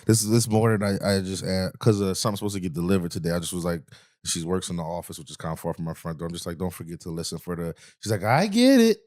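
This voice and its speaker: A man's voice: deep voice, no room sound, studio quality. A young man co-hosting a podcast in casual chat, laughing often and stopping and restarting as he tells stories. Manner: lively, laughing, halting and repeating words. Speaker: podcast co-host.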